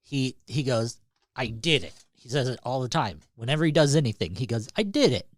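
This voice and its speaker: A man's voice: mid-range voice, a little fast, no echo. A man co-hosting a podcast in casual chat, swearing freely and laughing often as he tells stories. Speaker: podcast co-host.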